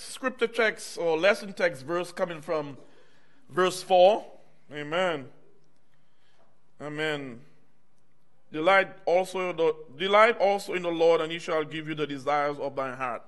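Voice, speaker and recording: A middle-aged male minister from the US preaches his personal testimony in church, his fairly high voice bright and forceful. Conversational in style, he often calls out "amen" and "y'all" to the congregation.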